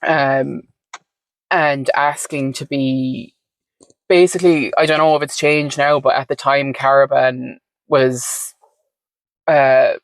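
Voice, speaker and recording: A woman's voice: extremely low pitch, steady tone, slow, no echo. Frank, chatty woman, dry sound. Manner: frank and chatty, many fillers, mild swearing. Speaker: podcast guest. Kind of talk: candid personal interview.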